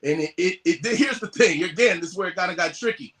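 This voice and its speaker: Animated male storyteller, bright tone, curses freely, jumps into quoted voices. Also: high voice, quick pace. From US West Coast. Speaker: podcast guest. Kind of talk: casual storytelling.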